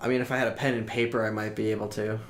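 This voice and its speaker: A man's voice: lowish voice, little pitch movement, very fast, a little hiss or hum. A young man co-hosting a podcast, musing in casual, rambling, thoughtful sentences. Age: young adult. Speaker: podcast co-host. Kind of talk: casual reflective chat.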